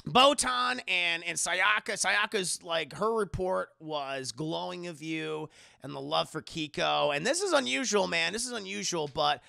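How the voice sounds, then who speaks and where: A man's voice: high voice, animated, unhurried, vocal fry, pushed and bright, no echo, studio quality, heavily acted. A man voicing a laid-back, slangy boyish ruler of the afterlife from a cartoon. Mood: casual. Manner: casual, slangy, hesitant.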